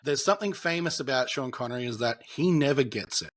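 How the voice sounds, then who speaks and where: A man's voice: mid-range voice, lively intonation, fast talker. A young man co-hosting a podcast, chatting loosely about a film and telling stories behind it with lots of fillers. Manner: rambling, storytelling, many fillers. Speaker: podcast co-host. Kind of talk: casual film chat.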